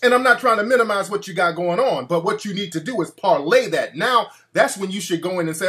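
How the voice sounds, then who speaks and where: A man's voice: high-pitched, animated, a little fast, hardly any pauses, a bit bright. A male talk show host ranting in a brash, profane, mocking way.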